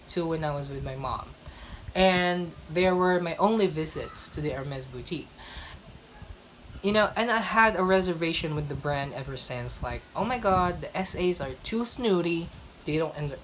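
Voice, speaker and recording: A woman's voice: fairly low pitch, fairly bright tone, slight background noise, low-quality recording. A young woman from the Philippines, vlogging in a chatty, emphatic way and often repeating herself for effect. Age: young adult. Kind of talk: casual chat.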